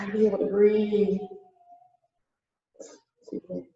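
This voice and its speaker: A woman's voice: medium pitch, drawn-out words. Woman, yoga teacher, out of breath, laid-back, muffled, far off in a reverberant studio. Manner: relaxed, chatty, laughs at herself. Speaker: yoga instructor. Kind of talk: guided yoga class instruction.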